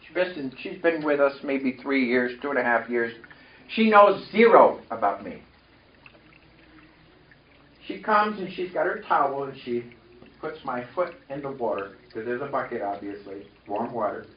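A man's voice: mid-range voice, lively intonation, measured pace, a little hiss or hum. A man preaching a sermon, telling a personal story and leading the congregation in call-and-response. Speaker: pastor. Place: church sanctuary. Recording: echoey, distant, dull church recording.

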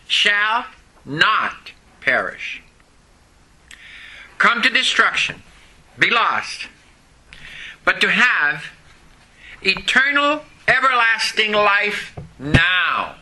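A man preaching a sermon, slow and emphatic, repeating key words to his congregation. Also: fairly high pitch, pushed and bright, poor audio. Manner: preaching slowly with emphatic repetition. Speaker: pastor.

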